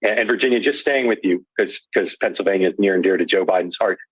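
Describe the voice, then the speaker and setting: A man's voice: deep voice, fast talker, a bit bright, husky, dry recording, poor audio. A man interviewing a panel of voters for a news broadcast, probing with repeated restarts.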